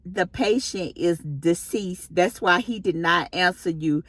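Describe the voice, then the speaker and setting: Brief: woman playing a steady, matter-of-fact female nurse, lowish pitch, unhurried delivery. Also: no room sound. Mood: calm firm. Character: calm, firm female senior nurse.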